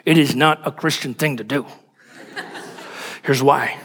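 Man, pastor, sermon, emphatic, rhetorical questions, husky, reverberant hall. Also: medium pitch, unhurried, fairly bright tone.

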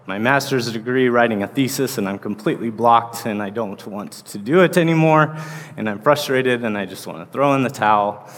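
His voice on the low side and fairly bright, the associate pastor, a man in his thirties, preaches in a church sanctuary. He rambles casually with lots of fillers, and the big hall adds long reverb.

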